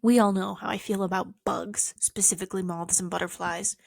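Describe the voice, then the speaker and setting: A woman's voice: medium pitch, fairly even intonation, a little fast, creaky, no echo, studio quality. A young woman talking to camera in a casual, rambling monologue, swearing often and poking fun at herself. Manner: profane, rambling, self-mocking. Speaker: vlogger.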